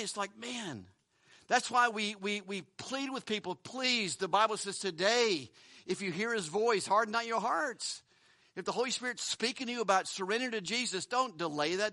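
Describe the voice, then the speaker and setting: A man's voice: high-pitched, sharp tone, no room sound. Male pastor, earnest sermon delivery, repeats words, close and dry sound. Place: church building.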